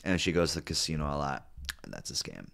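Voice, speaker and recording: A man's voice: rumbling low, very animated, quick pace, vocal fry, a bit bright. A man hosting a channel, reading an online story aloud and breaking off for playful, sarcastic comments, with plenty of fillers. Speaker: host reading and reacting to online stories. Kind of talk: casual read-aloud with joking asides.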